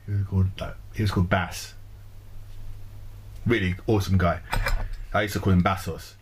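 Rambling, jokey co-host man with a lowish voice. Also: level tone, moderate pace, a little hiss or hum. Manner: rambling, swears, jokey storyteller. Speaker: podcast co-host. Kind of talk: casual chat.

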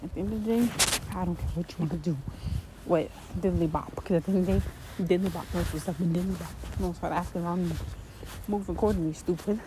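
A woman's voice: fairly low pitch, steady tone, fast talker. A woman content creator ranting casually to camera, blunt and heated, swearing freely. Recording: loud background noise.

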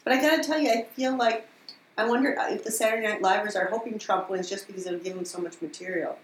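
A woman's voice: medium pitch, fairly even intonation, fast talker, echoey room, a little hiss or hum, low-quality recording. A woman chatting casually with friends in a living room, asking questions and giggling. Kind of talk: casual chat among friends.

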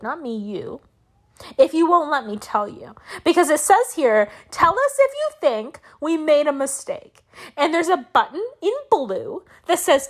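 A young woman hosting a solo podcast, telling a story as a profane, animated rant that swings up and down. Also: high voice, normal speed. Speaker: podcast host.

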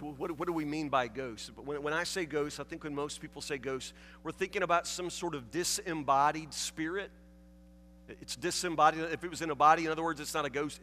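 A man preaching a sermon, telling the story with animated, emphatic delivery and repeated phrases. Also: fairly high pitch, in a large hall, a little hiss or hum. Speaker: pastor.

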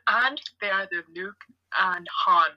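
A woman's voice: mid-range voice, a little slow, pushed and bright, muffled recording. A woman co-hosting a podcast, teasing and laughing in casual chat. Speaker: podcast co-host.

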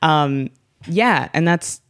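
A woman's voice: low-pitched, expressive, extremely slow, no room sound, studio quality. A woman of twenty-three in casual conversation as a guest, talking in a chatty way with many fillers and restarts. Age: 20s. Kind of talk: casual chat.

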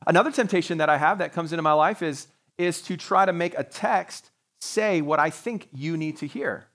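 A man's voice: on the high side, normal speed, a bit bright. A man preaching a sermon to his congregation as pastor, talking in a conversational way with joking asides. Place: church sanctuary, live-streamed service.

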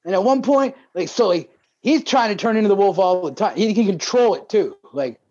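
Man, podcast co-host, profane rambling storyteller, casual chat, slightly high voice, dull recording. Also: expressive, brisk, a little mellow. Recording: dull lo-fi dry sound.

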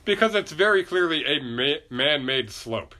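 A man's voice: a little high, expressive, normal speed, pushed and bright. A man co-hosting a podcast in casual banter, crude and sarcastic with lots of swearing. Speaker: podcast co-host.

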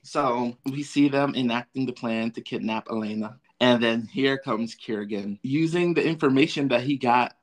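A man co-hosting a casual TV recap, summarizing the plot in a relaxed, joking way. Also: mid-range voice, moderate pace, few pauses. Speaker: podcast co-host.

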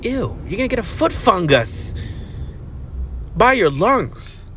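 A man hosting a rambling solo podcast while driving, talking crudely and swinging from shouts to mumbles. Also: high-pitched, big pitch swings, slow pace. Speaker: podcast host. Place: inside a car. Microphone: phone held to face. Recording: faint road noise in a car.

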